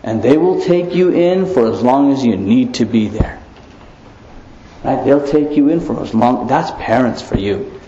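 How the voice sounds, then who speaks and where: A man giving an animated religious lecture, often asking rhetorical questions and chuckling, in a roomy, slightly dull recording. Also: medium pitch, unhurried. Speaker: Islamic preacher.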